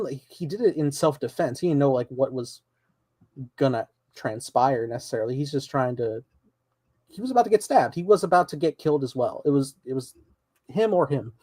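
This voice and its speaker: A man co-hosting a podcast, recapping a TV episode in relaxed, rambling casual chat with many fillers. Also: on the high side, no room sound. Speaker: podcast co-host.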